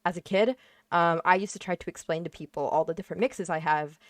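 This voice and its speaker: Blunt young woman, lowish voice. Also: steady tone, fast, no echo. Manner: blunt, emphatic, swears freely, many fillers. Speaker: panelist. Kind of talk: casual panel discussion.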